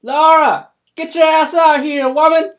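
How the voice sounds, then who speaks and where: A man doing a crude old farmer with a thick put-on Southern hillbilly drawl, hollering his folksy gossip. The voice sits well above his own, loud and lively. A gossipy rural character in a tabletop game. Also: sits high, a little slow, pitched above the performer's own voice.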